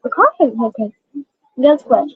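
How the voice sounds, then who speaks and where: A woman streamer chatting casually to a baby, cooing and halting, repeating her words. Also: sits high, sing-song, husky, dry recording. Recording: tinny phone-like dry sound.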